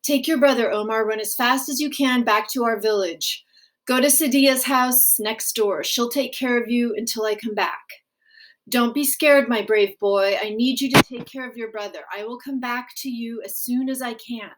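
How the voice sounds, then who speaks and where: A woman's voice: a little high, moderate pace, lightly acted. A woman reading the part of a loving mother who urgently reassures her small son. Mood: urgent tender.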